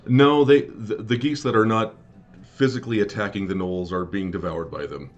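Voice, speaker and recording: A man narrating as game master of a tabletop role-playing game, pausing often with fillers and restarts. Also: on the low side, steady tone, muffled recording. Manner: halting, many fillers and restarts.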